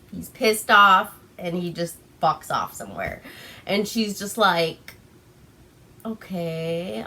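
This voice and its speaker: A woman's voice: mid-range voice, pushed and bright. A young woman from Alaska casually recapping a movie, tipsy on wine, giggling often and swearing freely. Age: young adult. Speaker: vlogger.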